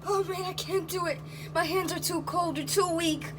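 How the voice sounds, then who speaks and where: A woman voicing Mario as a whiny, hungry plumber in a toy puppet skit, over loud music. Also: very high voice, fairly even intonation, normal speed, noisy background, voice pushed up. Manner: whiny, exclaiming. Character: male cartoon plumber, whiny, hungry, trapped.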